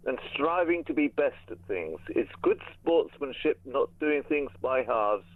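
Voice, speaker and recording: A man calling a radio show who recites his own rhymed poem in a measured, rhythmic way. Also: medium pitch. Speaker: caller. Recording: tinny dry phone line.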